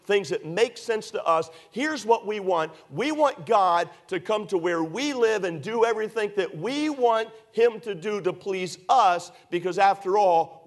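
A man preaching a sermon as pastor, earnest and repetitive, with many rhetorical questions and frequent "uh". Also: high voice.

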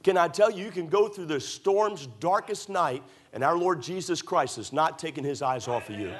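A pastor from Maryland delivers a sermon in a church, his voice sitting a little higher than most men's. He mixes homey stories with emphatic rhetorical questions. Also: expressive, normal speed. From United States (Maryland). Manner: folksy storytelling preacher, rhetorical questions, emphatic.

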